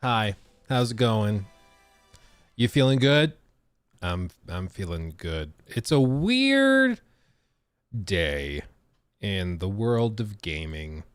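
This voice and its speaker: Male stream host: slow, animated delivery, wry asides, dry close sound. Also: low-pitched, smooth, dry recording, faint music behind. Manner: chatty, relaxed, with fillers and wry asides. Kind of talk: casual live-stream chat.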